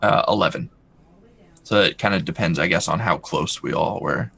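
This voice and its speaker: Gravelly low-voiced man at a game table. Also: normal speed, bright, forceful tone, slight background noise. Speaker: player. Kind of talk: casual game table chat.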